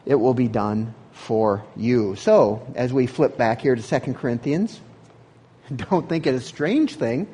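A man's voice: medium pitch, unhurried, mellow, husky. A man preaching a sermon as pastor, in an earnest, conversational way.

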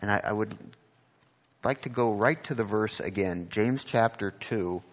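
Male pastor, unhurried sermon delivery, earnest and repetitive, hall reverb. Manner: earnest, repeats words, rises in pitch on questions.

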